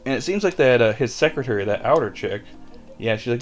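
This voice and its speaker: A man's voice: medium pitch, expressive, brisk, faint music behind. A man giving a casual, chuckling recap of an anime episode, with lots of fillers. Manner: chuckles often, filler-heavy.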